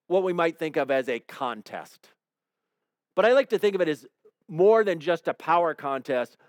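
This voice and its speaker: A man with a slightly high, smooth and resonant voice delivers a sermon in a relaxed, conversational way. He retells scripture with playful, animated asides. The sound is close and dry, with no room echo. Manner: conversational storytelling with playful acted-out quotes. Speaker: preacher.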